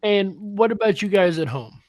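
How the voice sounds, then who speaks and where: A man's voice: high-pitched, expressive, normal speed, a little mellow, dry recording. A man hosting a casual panel chat, laid-back and full of fillers. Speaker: host.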